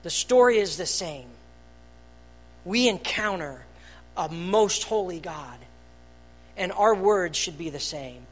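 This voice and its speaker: An earnest pastor preaches in a church, moving between hushed, almost murmured phrases and loud, emphatic bursts. The voice sits at a middle pitch and builds steadily toward each point. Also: expressive, slow, a little hiss or hum. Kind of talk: sermon. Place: church hall.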